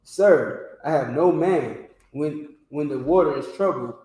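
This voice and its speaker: A man reading scripture aloud in a class, haltingly, with restarts. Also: fairly high pitch, a little mellow. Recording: very echoey room.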